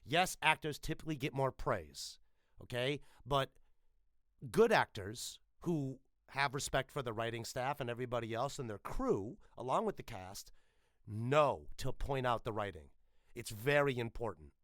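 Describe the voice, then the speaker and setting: A man's voice: medium pitch, animated, normal speed, fairly bright tone, dry recording, studio quality. A man, a voice actor, talking casually and emphatically in an interview, swearing freely. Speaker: voice actor guest.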